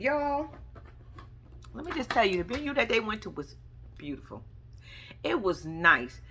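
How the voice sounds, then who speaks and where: A woman's voice: high-pitched, moderate pace, pauses often, husky. A young woman giving casual reality TV recap commentary, sassy and mocking as she acts out the people she talks about. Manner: sassy, animated, mocking imitations.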